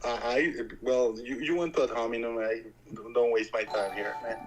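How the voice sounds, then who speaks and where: A man's voice: medium pitch, steady tone, moderate pace, lo-fi sound, music in the background. A man with a foreign accent calling into a stream debate, stammering and repeating words, half joking. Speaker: caller.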